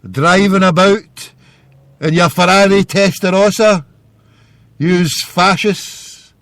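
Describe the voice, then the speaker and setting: A man's voice: high voice, fairly even intonation, slow pace, gravelly, a bit bright, dry recording, clean studio sound. A Scottish man hosting a live internet radio call-in show, ranting and hurling insults in a rambling way.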